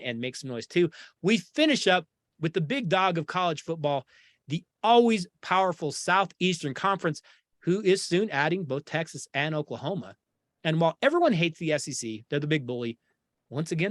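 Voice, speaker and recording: Animated, opinionated sports talk host man. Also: fairly high pitch, no echo, clean studio sound. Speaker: podcast host.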